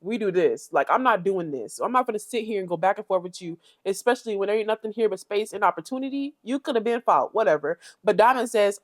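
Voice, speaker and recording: A woman's voice: on the high side, lively intonation, quick pace, no room sound. A young woman from Florida who recaps a reality show with blunt, sassy casual commentary and talks straight to her viewers. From Fort Pierce, Florida.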